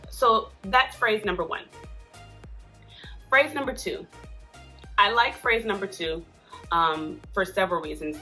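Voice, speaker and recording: A woman's voice: fairly low pitch, bright, forceful tone. A woman hosting a casual advice talk, speaking in a chatty, earnest way with frequent asides. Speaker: host giving parenting support advice.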